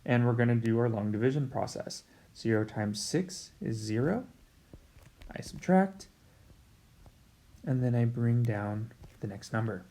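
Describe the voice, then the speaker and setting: A man teaches a recorded math lesson at a whiteboard, his medium-pitched, dark-toned voice lively in intonation and measured in pace, with frequent pauses. He's chatty and informal, talking straight to his students and joking whenever he slips up.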